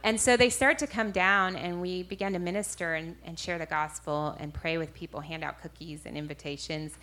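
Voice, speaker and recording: A woman's voice: on the low side, fairly even intonation, normal speed, pushed and bright. A woman minister giving a personal testimony to an audience, storytelling animatedly with frequent self-corrections. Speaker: street minister.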